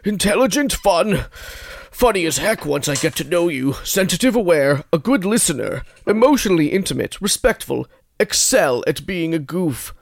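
A man's voice: high-pitched, big pitch swings, moderate pace, creaky, no echo, exaggerated voice. A man putting on an older man's voice to read out a dating profile, listing his traits earnestly.

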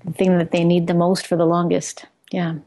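A middle-aged woman with a mellow, fairly low voice talks as a guest in a reflective conversation. She speaks earnestly and searchingly, often restarting a phrase before finding her point. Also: completely flat delivery, normal speed. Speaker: guest, outreach work leader.

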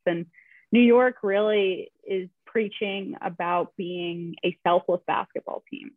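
A woman's voice: mid-range voice, steady tone, a little slow, no room sound. A woman talking as a podcast guest in casual chat, chatty with frequent restarts and fillers. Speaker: podcast guest, basketball writer. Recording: tinny phone-like remote line, dry.

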